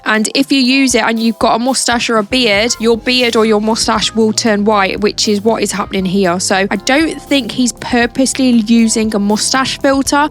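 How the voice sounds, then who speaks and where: A woman hosting a casual commentary video, chatty and explaining things as she goes. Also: a little high. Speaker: commentary host. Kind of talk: casual commentary on social clips.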